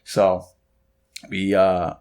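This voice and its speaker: A young man co-hosting a podcast, casually telling a rambling, excited story and acting out the voices of the people in it. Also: low voice, extremely slow, clean tone. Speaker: podcast co-host. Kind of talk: casual chat.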